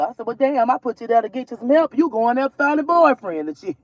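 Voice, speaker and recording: A woman's voice: on the high side, lively intonation, quick pace, no room sound, lo-fi sound. Blunt, heated woman ranting. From Georgia, US. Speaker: mother vlogger. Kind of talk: casual ranting vlog. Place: in a car while driving.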